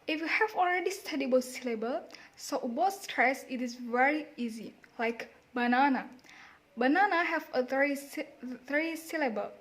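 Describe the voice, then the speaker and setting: A woman's voice: sits high, moderate pace, few pauses, fairly bright tone. A woman with an Indonesian accent giving a class presentation on pronunciation, repeating example words with emphasis. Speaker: student presenter.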